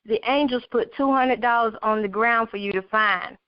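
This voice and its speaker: A woman's voice: a little high, moderate pace, no echo, lightly acted. A woman reading the lines of a weak, coughing teenage girl who is dying and speaks serenely to reassure her parents. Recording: dull lo-fi recording.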